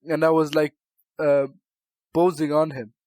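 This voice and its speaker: A young man from Albania co-hosting a podcast, telling animated stories full of swearing and laughter. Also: fairly high pitch, unhurried, no echo. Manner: animated storyteller, swears a lot, laughs often. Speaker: podcast co-host. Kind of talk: casual chat, storytelling.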